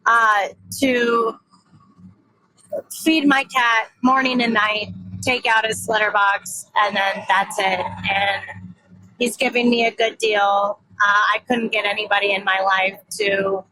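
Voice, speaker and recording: A woman's voice: medium pitch, level tone, slow, background noise. A woman in her thirties talking candidly and rambling in a casual personal vlog, swearing freely and poking fun at herself. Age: 30s. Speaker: vlogger.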